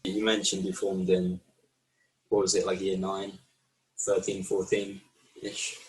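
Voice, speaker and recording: A male host asks short, unhurried follow-up questions in a slightly low voice. He laughs along easily with his guest. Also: monotone, loud music behind the voice, rough recording. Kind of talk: casual interview.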